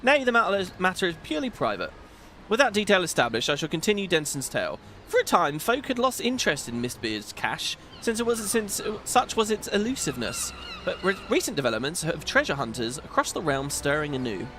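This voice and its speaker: A man's voice: high voice, wildly swooping pitch, fairly quick, bright, forceful tone, slight background noise, pitched above the performer's own voice, exaggerated voice. A man reading a stern, formal woman admiral's game lines aloud in archaic wording, with a few stumbles. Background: game music.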